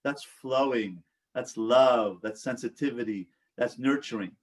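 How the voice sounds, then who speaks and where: A man's voice: mid-range voice, a little slow, recorded from a distance. A man leading a support group, who coaches, asks the group questions and acts out sample replies. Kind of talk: teaching a live online group session.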